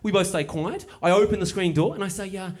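A man's voice: high voice, fast. A man performing a live stand-up set, telling a rambling story and checking in with the audience. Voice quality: rambling, conversational, checks in with the crowd. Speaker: stand-up comedian.

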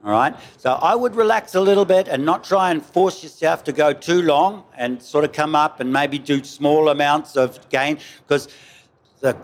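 A man, relaxed and anecdotal, answering questions about spearfishing with a story. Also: fairly high pitch, normal speed. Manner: relaxed, anecdotal, casual mild swearing.

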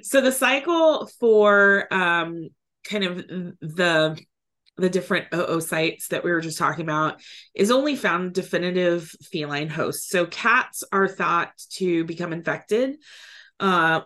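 A woman's voice: fairly low pitch, slow pace, a bit bright. A woman co-hosting an educational podcast in casual chat, reading notes aloud with giggly asides. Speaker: podcast co-host.

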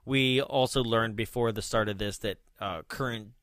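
Chatty young guy, bright voice, rambling, lots of likes. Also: lowish voice, normal speed, no room sound, studio quality. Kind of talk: casual chat reviewing a movie.

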